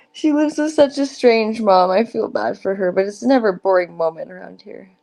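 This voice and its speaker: Stoned young woman rambling on a stream panel, giggles a lot, middle pitch, sentences just trail off. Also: normal speed, creaky, a little mellow. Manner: rambling, laughs often, trails off. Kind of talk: casual stream chat. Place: home room.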